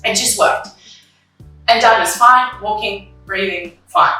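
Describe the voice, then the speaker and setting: A young woman speaks openly in a bright voice, full of likes and ums, often acting out what she and others said back then. She sounds a little off the microphone, in a very echoey room. Faint music plays under her. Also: medium pitch, slow pace, far from the mic. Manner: candid, emotional, retells her own past dialogue, many likes and ums. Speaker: interview guest. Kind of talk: personal conversation about grief.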